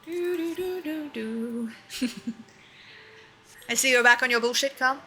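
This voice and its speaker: A young woman streamer chats loosely with her audience while she plays, quick to laugh and swear. Her voice is high and piercingly bright, with faint game music under it. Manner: chatty, swearing, laughing often, talking to chat. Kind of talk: casual gaming livestream chat.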